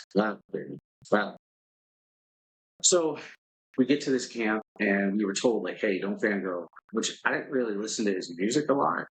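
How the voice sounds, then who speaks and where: Podcast guest, male, deep-ish voice, very husky, candid and profane, rambling delivery. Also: a bit bright, poor audio. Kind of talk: casual storytelling. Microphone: podcast microphone.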